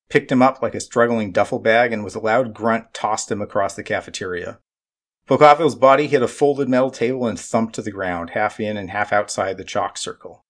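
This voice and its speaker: A man narrating an audiobook in a measured, dry way. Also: lowish voice.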